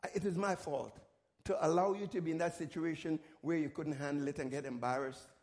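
A man voicing a calm, gentle teacher who speaks softly and patiently. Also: a little high, brisk, pitched below the performer's own voice, lightly acted. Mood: gently calming.

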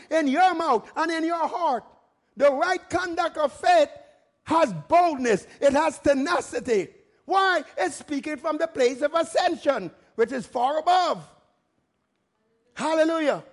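A male pastor preaching a sermon emphatically, firing rhetorical questions and rising to shouts. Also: very high-pitched.

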